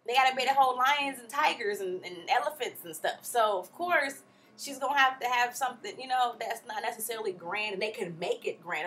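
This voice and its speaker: A young woman talks in with a bright, forceful voice pitched a little high. Her delivery is animated and exasperated, and it jumps around a lot as she recaps a reality show in blunt, slangy, casual commentary. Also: slight background noise.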